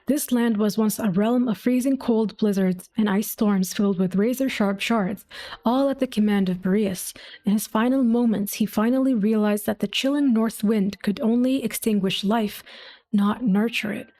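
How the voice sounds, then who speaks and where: A woman's voice: mid-range voice, moderate pace, warm tone. A woman reading game lore aloud to her viewers, with gushing, affectionate asides between entries. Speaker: gaming video creator.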